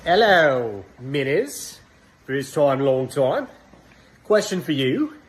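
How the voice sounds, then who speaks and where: A man's voice: on the high side, sing-song, slow pace. A man putting on an Australian accent as a mock-serious talkback caller in a submitted clip. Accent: put-on Australian.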